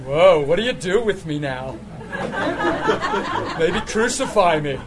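Animated high-voiced male preacher. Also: slow pace, very noisy. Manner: animated storytelling, laughing, voice jumping high when excited. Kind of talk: sermon with healing testimony.

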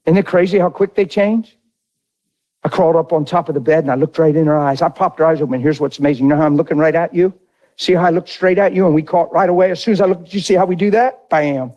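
A middle-aged man preaching a sermon through an animated, folksy personal story. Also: fairly high pitch, quick pace, highs cut off. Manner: animated, folksy, drawls into dramatic retellings.

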